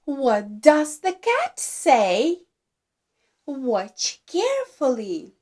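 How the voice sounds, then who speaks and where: A woman teaching babies to talk, speaking gently and slowly in single drawn-out words, with exaggerated animal sounds to copy. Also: high-pitched, huge pitch swings. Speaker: baby speech teacher. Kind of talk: slow modelled speech for babies.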